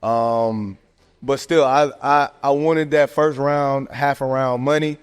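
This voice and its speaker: A man hosting a podcast, giving casual sports commentary in a slangy, animated rant full of fillers. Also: medium pitch, slow, clear, resonant tone. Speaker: podcast host. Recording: long echoing reverb.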